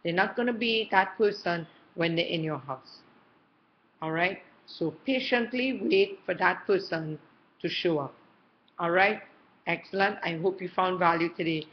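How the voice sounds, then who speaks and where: A woman's voice: on the low side, a little slow, dull audio. A middle-aged woman giving parenting advice to camera in a casual, chatty way, often checking in with her listener. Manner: warm, chatty, checks in often with "okay" and "all right".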